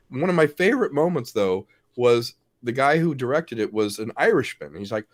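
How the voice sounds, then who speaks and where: A middle-aged man, a guest actor, telling lively stories in a casual interview and acting out the lines he quotes. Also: normal speed, hardly any pauses. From Wisconsin. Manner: animated storyteller, acts out quotes with big pitch swings and laughs.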